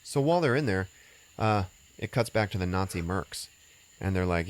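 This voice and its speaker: A man with a very low voice recaps a movie for a podcast. He talks loosely and casually, with lots of fillers, restarts and swearing. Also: lively intonation, normal speed. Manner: rambling, filler-heavy and profane. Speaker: podcast host recapping a film.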